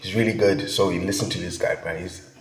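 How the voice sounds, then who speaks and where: A man's voice: deep voice, fairly even intonation, brisk. A young man with a South African accent reacting to a song in casual chat, full of slang and "you feel me.". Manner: slangy, hyped, peppered with "bruh" and "you feel me". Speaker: music reaction vlogger. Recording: echoey room with long reverb.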